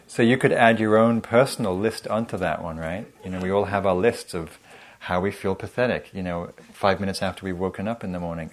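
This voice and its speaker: A man's voice: low voice, fairly quick. A man giving a meditation teaching in a humorous, conversational, self-deprecating way. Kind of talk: dharma talk.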